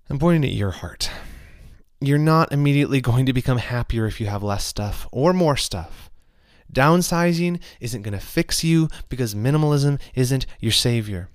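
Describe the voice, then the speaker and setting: A man's voice: mid-range voice, lively intonation, moderate pace, no room sound, clean studio sound. A man in casual reflective talk, telling self-mocking stories and then turning earnest and preachy with faith lessons. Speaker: speaker sharing life lessons.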